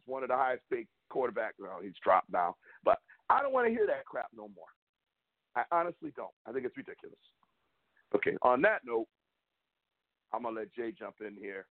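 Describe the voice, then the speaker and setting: A man co-hosting a casual sports talk show, animated and emphatic. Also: medium pitch, moderate pace, dry recording. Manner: animated, emphatic, rising to loud peaks. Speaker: podcast co-host. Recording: tinny phone-line sound, dry.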